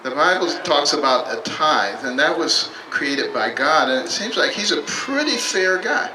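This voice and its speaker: A man giving a campaign speech at a public rally. He talks in short, measured, emphatic phrases with some dry humor. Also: fairly high pitch, very animated. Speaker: political candidate. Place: public rally at a state capitol. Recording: echoey, distant mic, noisy.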